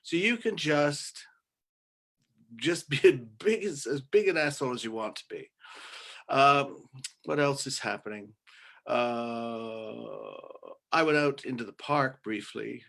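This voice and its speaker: Casting: male comic, deadpan and halting, mid-pitched, absurd monologue on a video call. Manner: dry, halting delivery with many uhs. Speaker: comedian guest.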